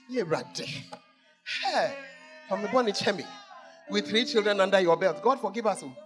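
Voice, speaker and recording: A male pastor preaching a sermon, swinging between shouts and hushed asides as he teases the congregation. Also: high voice, animated, normal speed, pauses often, music in the background.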